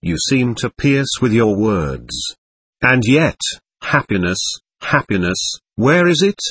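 A man's voice: mid-range voice, very animated, slow, fairly bright tone, slightly rough, no room sound, full character voice. A man reading as a fervent, pleading lady in anguish. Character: anxious, effusive middle-aged mother, a lady. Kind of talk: audiobook character reading.

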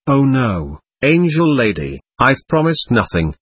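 A man voicing a sly, coquettish young woman who speaks in a soft, even, sugary drawl in an audiobook reading. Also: mid-range voice, measured pace, slightly rough, no echo. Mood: playful.

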